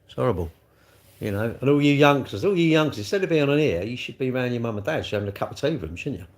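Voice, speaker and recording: A man's voice: mid-range voice, lively intonation, fast talker. A middle-aged man, chatting casually on a livestream and answering viewer comments in a rambling way, full of tag questions.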